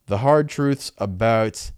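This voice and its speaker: Low-voiced man recapping a story casually. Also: clean tone, no room sound, studio quality. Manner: animated storytelling with quick acted-out quotes. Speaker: podcast co-host recapping a comic. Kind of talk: casual chat.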